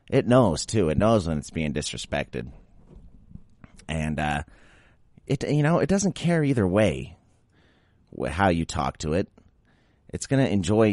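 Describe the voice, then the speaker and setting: A young adult man hosts a pet podcast in a casual solo rant, grumbling, exasperated and mocking baby talk while feeling a bit sick after drinking. His bass voice is recorded in the studio with no echo.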